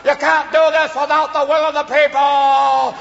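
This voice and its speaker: A comedian doing an impression of a folksy film star, shouting in an outraged drawl. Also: male voice, extremely high pitch, little pitch movement, normal speed, gravelly, pitched above the performer's own voice, exaggerated voice. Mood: indignant. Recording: dull live club recording, audience noise.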